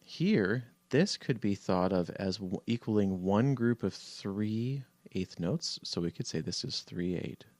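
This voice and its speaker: A man teaching a music theory lesson over a shared screen, relaxed and halting with many fillers, counting beats aloud. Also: fairly low pitch, no room sound.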